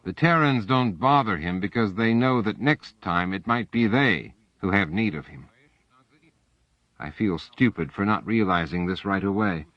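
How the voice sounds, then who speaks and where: A man narrating an audiobook in the first person with measured, even storytelling. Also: on the low side, no room sound. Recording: dull, dry audiobook recording.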